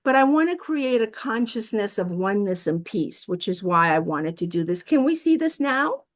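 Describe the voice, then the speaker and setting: A woman's voice: mid-range voice, sing-song, moderate pace. A woman guest minister giving a sermon over a video call, with friendly asides and a storytelling manner. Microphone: video call mic.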